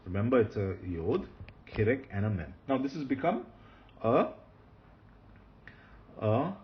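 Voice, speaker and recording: A man teaching Hebrew grammar in a recorded lecture, patient, repeating key points and often pausing with fillers. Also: medium pitch, very animated, dull audio, slight background noise.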